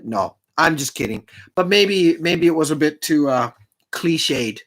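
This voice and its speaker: A man's voice: fairly high pitch, animated, a little slow, fairly bright tone. A man hosting a live stream, chatting casually and rambling between jokes with self-deprecating asides.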